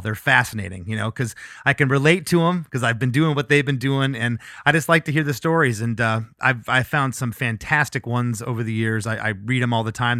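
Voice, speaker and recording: A man's voice: medium pitch, bright, forceful tone, no echo, studio quality. A middle-aged man, a touring musician and the guest, telling stories in a rambling way with frequent laughs and restarts. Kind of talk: casual interview storytelling.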